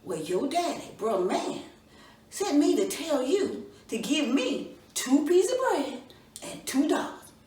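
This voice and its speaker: A woman voicing a sly, hungry male rabbit trickster in a folk tale, with folksy drawn-out exclamations. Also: high voice, sing-song, a little mellow, pitched above the performer's own voice, heavily acted. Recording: roomy echo from a distance, faint room noise.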